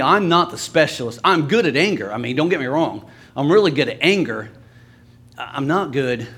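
A male preacher giving a casual, joking sermon in a church, slipping into sarcastic asides. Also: a little high.

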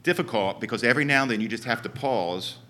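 Man, Southern Ohio accent, bright tone, rambling self-deprecating storyteller at a church service. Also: medium pitch, fast talker. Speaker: church member giving a talk. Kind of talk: sermon storytelling. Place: church sanctuary.

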